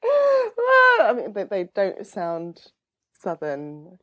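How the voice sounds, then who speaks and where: A woman's voice: expressive, a little slow, highs cut off. A woman chatting casually as a podcast guest, bubbly, with lots of fillers and laughter. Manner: bubbly, swooping pitch, many fillers and laughs. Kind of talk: casual chat.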